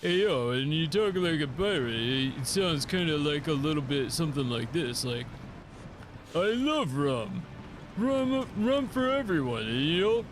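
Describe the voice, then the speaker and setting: A man's voice: on the high side, very animated, unhurried, noisy background. A man doing a slurred, mumbling impression of a tough-talking boxer playing a pirate. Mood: goofy.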